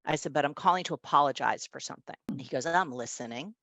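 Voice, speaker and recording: A woman's voice: low voice, quick pace, vocal fry, a bit bright, dry recording. A woman in her fifties, a guest, telling a personal story in an emphatic, conversational way and often checking in with her listener.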